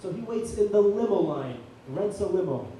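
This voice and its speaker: A man hosting a comedy night, telling a long deadpan shaggy-dog joke on stage. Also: high voice, moderate pace, a little hiss or hum. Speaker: comedy show host. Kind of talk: stand-up comedy set. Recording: echoey room from far off.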